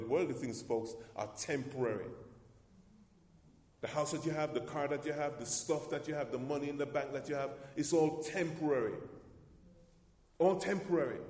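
A man preaching a sermon as pastor, emphatic and repetitive, pushing his voice up for emphasis. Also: mellow. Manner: emphatic preacher, repeats words, rises in pitch for emphasis. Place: church hall. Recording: echoey hall.

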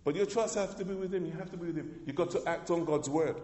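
A man's voice: a little high, quick pace, darkish tone. Man preaching in an echoey hall. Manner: emphatic preaching with call-and-response; repeats words and restarts phrases. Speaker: pastor. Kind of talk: sermon. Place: church hall. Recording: echoey hall with long reverb.

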